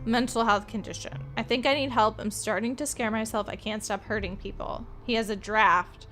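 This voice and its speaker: A woman's voice: on the high side, steady tone, brisk, a bit bright, soft background music. A woman from Florida, a streamer chatting playfully with her viewers while she plays a point-and-click detective game. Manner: chatty, playful, talks to chat. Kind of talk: let's play commentary.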